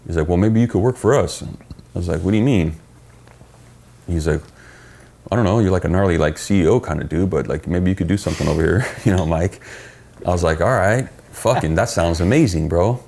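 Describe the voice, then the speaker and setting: Gravelly deep-voiced man telling stories. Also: a little fast. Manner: profane, animated storyteller acting out quoted dialogue. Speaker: podcast guest. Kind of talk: casual storytelling chat.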